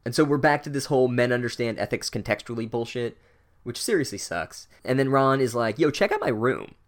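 A man's voice: mid-range voice, steady tone, fairly quick. Man doing a sardonic book recap, casual and crude, heavy on filler words. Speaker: book reviewer. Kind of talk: sarcastic chapter recap.

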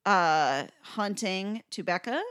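A woman's voice: mid-range voice, lively intonation, takes it slowly, fairly bright tone. A young adult woman co-hosting a podcast, telling a story in casual chat with lots of fillers. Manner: chatty storyteller, filler-heavy. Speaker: podcast co-host.

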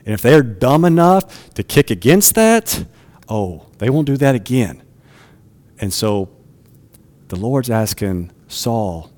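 A man's voice: mid-range voice, very animated, takes it slowly, a little mellow, in a large hall. Man preaching a conversational sermon. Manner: conversational, asks the listeners rhetorical questions.

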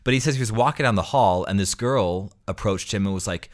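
A deep-voiced man in his thirties chats casually about his experiences as a priest. He rambles a little, restarting sentences and repeating words as he goes. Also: big pitch swings, fairly quick, hardly any pauses. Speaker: priest co-host. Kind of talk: casual storytelling chat.

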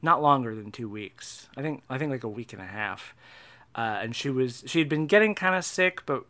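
A young man in a casual personal monologue, halting with many restarts and fillers, and a wry, dark humor. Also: mid-range voice, animated. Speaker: vlogger.

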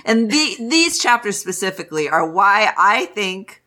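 A woman co-hosting a casual podcast, animated and joking crudely while discussing a novel. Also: mid-range voice, measured pace. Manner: animated, laughing, crude jokes. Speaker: podcast co-host. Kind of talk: casual chat reading a novel aloud.

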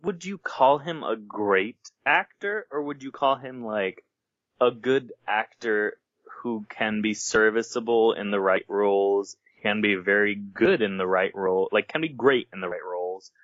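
A man's voice: lowish voice, a little slow, a bit bright, no echo, dull audio. A man co-hosting a casual movie podcast, jokey and emphatic in his opinions. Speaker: podcast co-host.

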